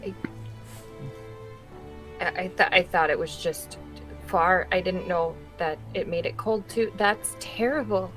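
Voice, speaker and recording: A woman's voice: lowish voice, steady tone, unhurried, long pauses, a bit bright, faint music behind, poor audio. Curious woman asking questions. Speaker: player. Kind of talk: casual chat at game table.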